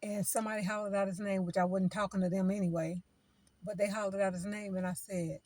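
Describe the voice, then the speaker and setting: Casting note: woman, mid pitch, chatty informal preacher, repeats herself, no room echo. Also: level tone, fast talker, darkish tone. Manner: conversational, repeats phrases, acts out quoted people. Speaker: vlogger giving spiritual advice.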